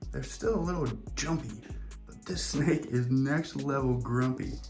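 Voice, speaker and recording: A man's voice: mid-range voice, unhurried, darkish tone, faint music behind. A man, chatting casually and jokingly as he tends his snakes. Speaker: reptile keeper and vlogger. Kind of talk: casual vlog.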